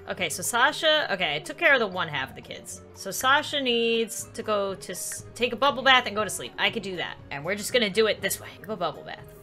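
A woman hosting a let's play, commenting excitably with lots of exclamations and laughter. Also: mid-range voice. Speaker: gaming channel host.

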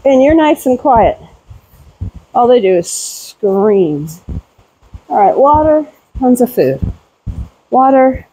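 Husky woman chatting through barn chores. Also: lively intonation, slow, pauses often, dark tone, dry recording, low-quality recording. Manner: coos at animals in a high baby-talk voice. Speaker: homesteader vlogger. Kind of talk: casual chat while doing farm chores. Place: outdoors around a barn and stalls. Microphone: handheld camera.

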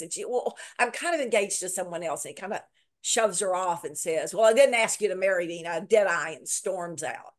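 Lady author with a lower voice telling a story in an interview, acts out the quotes. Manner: lively retelling that acts out quoted lines; repeats words for emphasis. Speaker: author guest.

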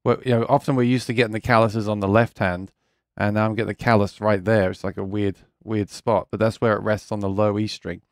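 A man with a lowish voice runs a casual live chat about music gear, speaking briskly and flatly in clean studio sound without echo. He rambles, reads viewer comments aloud, and is earnest and keen about guitars.

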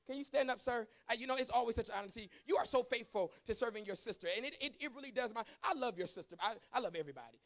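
A man preaching a sermon to his congregation. He swings from chatty asides to fervent shouting. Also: very high-pitched, animated, rapid-fire, few pauses. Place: church service.

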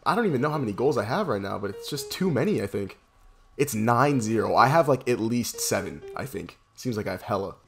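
Excitable young man, gameplay commentary. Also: mid-range voice, fairly quick, vocal fry, soft background music. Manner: excitable, profane, swings between hype yells and muttering. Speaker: gaming YouTuber.

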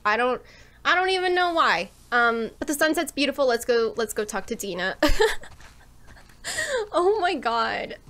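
A woman's voice: on the high side, a bit bright. A young woman streamer giving emotional, tearful commentary on a game, gushing and swearing freely. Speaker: let's play streamer.

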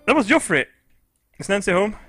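A man doing let's play commentary, crude and excitable, his voice swooping up into shrieks and laughs. He talks into a close, dry mic with faint game music underneath. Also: high-pitched, a little fast, no room sound. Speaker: gaming video host.

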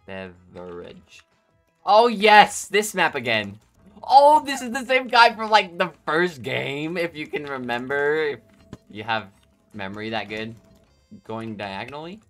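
Gaming YouTuber, male, bright and bouncy delivery, laughs a lot, chats at opponents mid-game. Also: medium pitch. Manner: excitable, laughs often, talks to himself and opponents. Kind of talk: live gameplay commentary.

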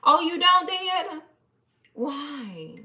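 A woman chatting casually on a live stream, playful and animated as she talks back to her viewers. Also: extremely high pitch, very slow. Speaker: live-stream host reading viewer comments.

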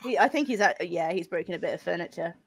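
A woman's voice: on the low side, animated, fast, creaky, noisy background. A woman co-hosting a podcast, dry and self-deprecating as she reads out the show's socials. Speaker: podcast co-host. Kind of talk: casual chat, reading out socials.

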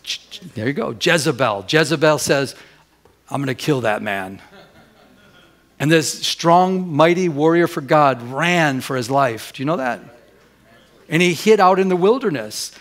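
A man preaching a sermon as pastor, putting questions to the congregation and moving between loud and hushed delivery. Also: a little high, animated, moderate pace. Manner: asks the congregation rhetorical questions. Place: church during a Sunday service.

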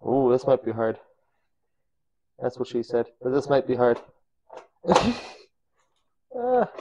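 A man's voice: mid-range voice, sing-song, takes it slowly, warm tone, muffled recording, slight background noise. A man in his own kitchen casually narrating a cooking vlog, goofy and rambling, laughing at himself as he goes. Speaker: cooking vlogger. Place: home kitchen.

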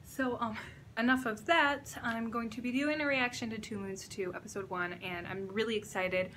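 A young woman talks straight into her camera in a casual reaction vlog, excitable and gushing, with a bright, forceful voice. She swears freely as she reacts, recorded on a camera mic indoors at a friend's house. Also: fairly high pitch, moderate pace, slight background noise. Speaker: reaction vlogger.

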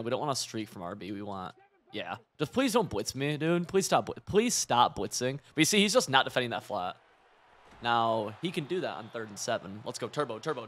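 Excitable young man narrating gameplay. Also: mid-range voice, a little fast. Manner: excitable, chatty, swears and laughs often. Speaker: gaming streamer. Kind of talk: live gameplay commentary.

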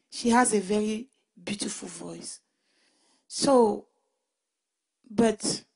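A woman giving a personal Christian testimony in an emotional, halting way, often restarting and repeating her words. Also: on the high side, a little mellow. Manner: emotional retelling.

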